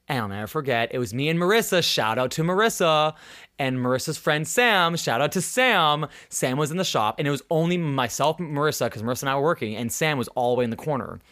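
A man's voice: fairly high pitch, fairly bright tone. A young man hosting a podcast, telling a story in casual chat, acting out the voices of people he quotes and swearing freely. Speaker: podcast host.

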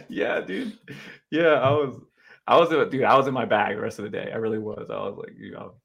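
A young man co-hosting a podcast, telling a self-deprecating story in a rambling, animated way with lots of filler words. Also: lowish voice, moderate pace, gravelly, pauses often, breathy edge. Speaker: podcast co-host. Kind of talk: casual storytelling chat.

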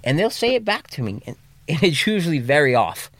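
A man speaking as a podcast guest, candidly, with plenty of swearing and restarts, dropping low and quiet at emotional moments. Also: very animated, brisk, no room sound. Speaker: podcast guest, recovery coach. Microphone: studio mic.

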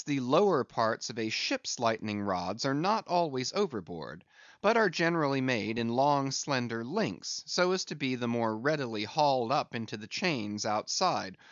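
A man reading a classic sea novel aloud as narrator, in an expressive, measured storytelling manner. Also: medium pitch, no echo. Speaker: audiobook narrator. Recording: dry, slightly dull recording.

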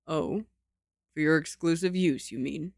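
A woman's voice: low-pitched, unhurried, creaky, dry recording, clean studio sound. A woman voicing a young male doctor who speaks in a cool, sardonic way. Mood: cold.

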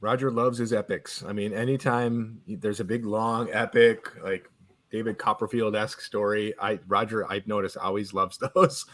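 A man's voice: fairly low pitch, level tone, normal speed, fairly bright tone. A man co-hosting a casual podcast, wry and joking, swearing casually. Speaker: podcast co-host. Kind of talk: casual chat.

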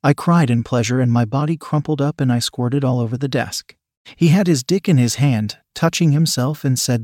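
Mellow-voiced man reading a story. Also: mid-range voice, normal speed, dry recording, clean studio sound. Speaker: narrator. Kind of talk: first-person erotic story reading.

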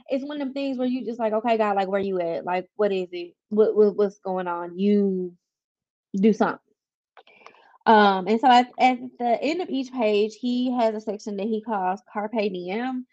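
A woman hosts a personal podcast in a candid, confiding way, now and then reading passages aloud from a book. Her voice sits at an ordinary middle pitch. The recording sounds a little dull and lo-fi. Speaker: podcast host. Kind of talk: casual personal podcast talk.

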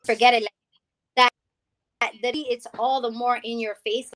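A woman from the Bronx, giving a lively personal testimony as an interview guest and acting out the people she quotes. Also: on the high side, moderate pace. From the Bronx, New York. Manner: animated storytelling, acting out quoted people, calls the host "girl". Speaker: guest, music founder.

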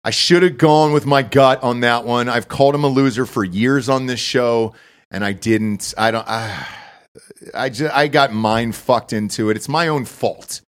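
A man's voice: medium pitch, moderate pace. A man hosting a casual sports betting podcast, brash and profane, rambling about games and reading sponsor plugs. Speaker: podcast host.

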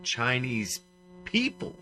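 A man's voice: mid-range voice, wildly swooping pitch, takes it slowly, sharp tone, slight background noise. A man co-hosting a casual talk show, making emphatic, opinionated points. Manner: emphatic, opinionated, punchy rants. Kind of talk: casual banter.

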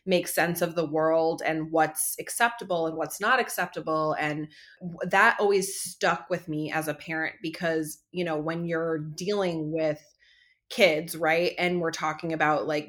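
A woman's voice: low voice, a bit bright. A woman in her thirties hosting a casual parenting podcast, chatty with many fillers and restarts. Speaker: podcast host.

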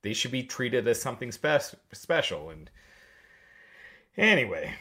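A man on a casual wrestling podcast, giving blunt opinions with swearing and halting restarts. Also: mid-range voice, very animated, bright, forceful tone, slightly rough. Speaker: podcast co-host.

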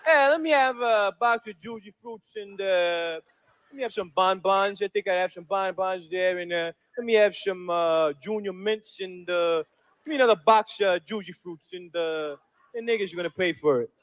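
A man's voice: high-pitched, fairly bright tone, voice pushed down. A man voicing a brash, profane Italian-American moviegoer in a stand-up comedy bit. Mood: swaggering. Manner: swaggering, profane, quick to pick fights.

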